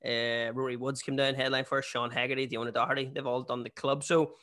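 A man's voice: medium pitch, flat delivery, pushed and bright. A young man with a Northern Irish accent, a stand-up comedian chatting as a podcast guest and telling funny stories. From Northern Ireland. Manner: chatty storyteller, quick jokes. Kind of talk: casual podcast chat.

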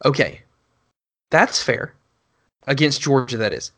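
A man co-hosting a sports podcast, chatting casually. He rambles and trips over his own words, then gets heated and animated as he makes his point. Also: mid-range voice, measured pace. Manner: rambling, many restarts, animated rants. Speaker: podcast co-host.

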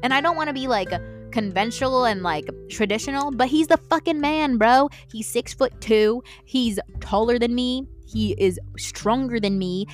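A young woman hosting her own podcast, ranting candidly and swearing freely, with sudden animated, mocking outbursts. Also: fairly high pitch, normal speed, soft background music. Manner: candid and heavily profane, ranting. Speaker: podcast host. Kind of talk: solo podcast rant.

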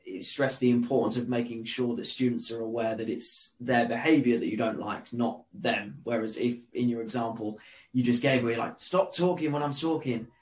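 A man hosting a podcast, asking thoughtful questions with many pauses and ums. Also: mid-range voice, little pitch movement, poor audio. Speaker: podcast host. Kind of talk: interview questions.

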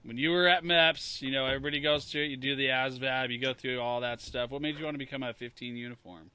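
A man co-hosting a casual podcast, laughing easily and asking questions in a relaxed way. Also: mid-range voice, fast talker, clear, resonant tone. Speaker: co-host.

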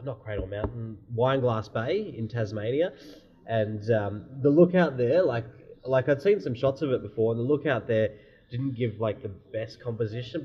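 A man hosting a casual chat, laid-back, with quick reactions. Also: medium pitch. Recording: dull lo-fi audio.

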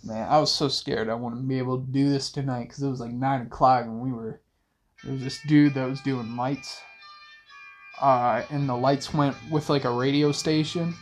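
A young man hosting a rambling late-night monologue in laid-back slang, with soft music playing behind him. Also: mid-range voice, fairly even intonation, moderate pace. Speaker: host. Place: in a car.

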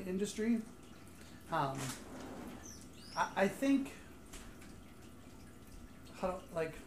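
A woman's voice: mid-range voice, expressive, extremely slow, darkish tone. A woman co-hosting a podcast in casual chat, talking hesitantly with many restarts. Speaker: podcast co-host. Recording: echoey room with faint noise.

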